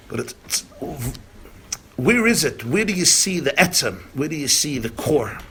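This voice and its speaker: Speaking at a moderate pace in a higher-leaning voice, a rabbi tells stories at a community gathering; a little hiss or hum can be heard. He acts out the characters' lines with animation and mixes Yiddish and Hebrew into his talk.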